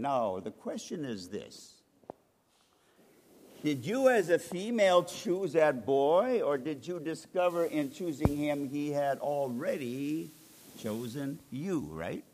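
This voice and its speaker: A male pastor preaching a sermon, animated, acting out voices of the people he quotes. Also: a little high, a little slow. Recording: reverberant hall, faint noise.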